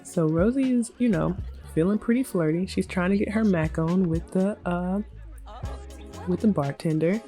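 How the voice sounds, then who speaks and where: Young woman narrating her game, giggly and slangy, warm voice, soft music underneath. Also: lowish voice, moderate pace. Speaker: gaming video creator. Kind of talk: casual let's-play narration.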